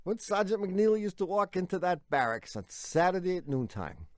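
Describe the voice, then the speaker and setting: A man co-hosting a radio car show, reading aloud and breaking into wheezy, high cackling laughter. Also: sing-song, normal speed, no room sound. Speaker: radio co-host. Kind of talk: radio call-in show banter.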